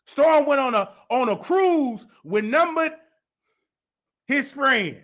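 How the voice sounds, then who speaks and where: A man's voice: extremely high pitch, animated, slow, a bit bright. A man hosting a gossip commentary show, talking in a mocking, heated and sarcastic way. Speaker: host.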